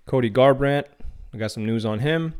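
Here a male podcaster gives solo commentary on fight news, loose and opinionated, with some restarts. The voice sits at medium pitch and normal speed, clean and a little dark in tone.

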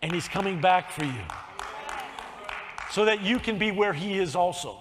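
An older man preaching a sermon, telling stories and swinging from soft, quiet lines to shouted emphasis. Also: high-pitched, lively intonation, normal speed, a crowd in the background, noisy background. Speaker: pastor. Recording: long hall reverb.

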